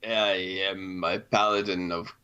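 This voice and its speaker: A man playing a tabletop game, speaking slowly and hesitantly in character. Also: deep voice, fairly even intonation, sharp tone, clean tone. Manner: slow, puzzled, hesitant. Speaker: player. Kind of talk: casual in-character banter. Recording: dull lo-fi mic.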